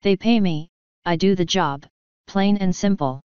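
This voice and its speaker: A woman's voice: medium pitch, measured pace, a little mellow, clean tone, dry recording, lo-fi sound, close to an everyday voice. A woman voicing a tough female griffon mercenary who talks in a blunt, offhand way, in a storybook reading.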